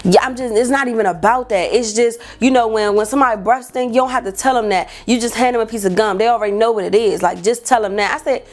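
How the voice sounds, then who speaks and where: A young woman, telling a dating story vlog and acting out quotes in a high voice. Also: expressive, fairly quick. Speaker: vlogger.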